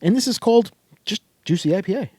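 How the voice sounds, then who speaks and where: A teasing man co-hosting a podcast, with a fairly high voice that bounces up and down. He sounds close and dry, with no echo. His chat is loose and jokey. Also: expressive, quick pace, a little mellow. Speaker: podcast co-host. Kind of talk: casual chat.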